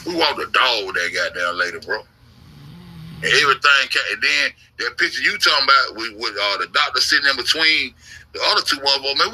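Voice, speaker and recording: With a mid-range voice that is creaky, bright, husky, and forceful, a man tells a meandering, expletive-heavy story on a casual livestream. He's describing an online investigation, repeats himself often, and the audio quality is poor.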